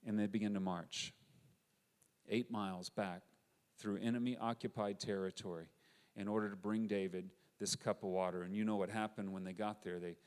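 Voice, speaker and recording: A man preaching a sermon, retelling a story with animated, conversational energy and acting out the quoted voices. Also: fairly low pitch, normal speed. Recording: long hall reverb.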